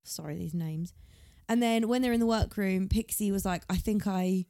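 A woman's voice: mid-range voice, normal speed, mellow, no room sound, studio quality. A woman co-hosting a podcast, chatting casually through a recap and reading quotes from her notes. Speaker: podcast co-host.

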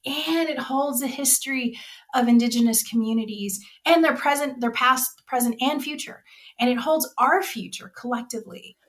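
A woman's voice: high-pitched, moderate pace. A middle-aged woman speaking passionately and from the heart as a nonprofit director in a podcast interview. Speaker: executive director of a trail nonprofit.

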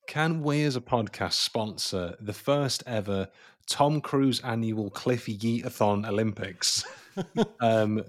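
A man's voice: on the low side, slow pace. A man hosting a film podcast in casual chat, full of crude joking banter. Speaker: podcast host.

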